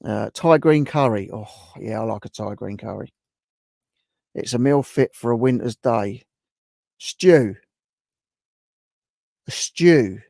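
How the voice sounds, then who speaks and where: Chatty man with a gravelly voice. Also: lowish voice, normal speed, dark tone, dry recording, studio quality. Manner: chatty, reacts to viewers' guesses. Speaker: live stream host. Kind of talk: casual chat reading out viewer comments.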